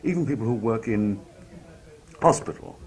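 A man from Liverpool, working as a television announcer, telling anecdotes in a relaxed interview and acting out the people he quotes. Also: fairly low pitch, normal speed. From Liverpool, England. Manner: lively raconteur, acts out quoted people in different voices. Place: outdoor country fair at a cricket ground.

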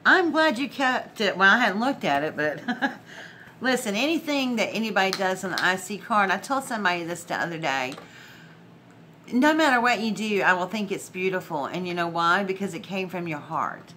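Bright-voiced woman gushing over crafts. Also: mid-range voice, animated, moderate pace, a little hiss or hum. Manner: effusive, gushing, laughs often. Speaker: crafting channel host. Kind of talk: casual unboxing vlog.

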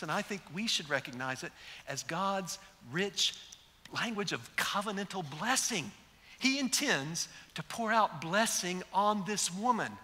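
In a large church sanctuary, a man preaches a sermon to a big gathering, telling the story with animation and acting out quoted speech. His voice is high, bright and forceful, and the recording carries an echoey hall sound.

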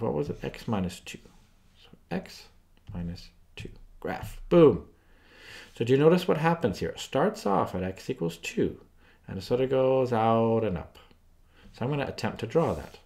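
A man talks through a math lesson on a screen recording, chatting and thinking aloud as he sketches graphs. His voice sits fairly low but swings up and down a lot. He keeps turning questions back to the viewer. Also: darkish tone. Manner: asks the viewer frequent questions. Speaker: math tutor.

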